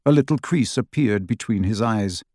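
A man reading a story aloud as an audiobook narrator, in a measured, expressive way. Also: lowish voice, dry recording, clean studio sound. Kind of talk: scripted narration.

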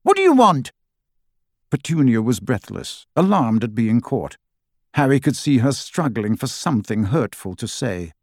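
Expressive male audiobook narrator. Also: mid-range voice, no room sound, studio quality. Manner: expressive, measured storytelling. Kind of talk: scripted narration.

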